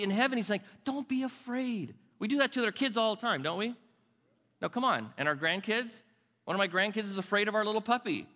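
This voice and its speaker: Older man, pastor, sermon; bright, forceful delivery with chatty restarts; big reverberant church hall. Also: sits high. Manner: conversational, restarts words, dips soft and slow for emphasis. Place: church sanctuary.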